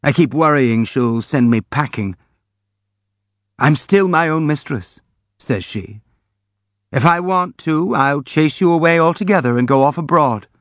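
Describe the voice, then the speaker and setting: A man's voice: a little high, unhurried, no echo, voice pushed up, lightly acted. A man reading as a brooding, jealous young man. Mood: bitter. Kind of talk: audiobook dialogue reading. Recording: dry, dull lo-fi sound.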